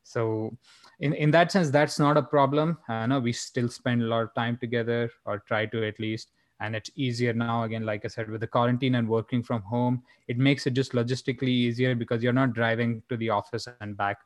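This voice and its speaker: A man's voice: mid-range voice, fairly even intonation, brisk, dry recording. Young comedian guy from india, rambly, lots of uh and like, dry close mic. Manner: rambling, with many fillers and restarts. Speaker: stand-up comedian and podcast guest. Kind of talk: casual chat.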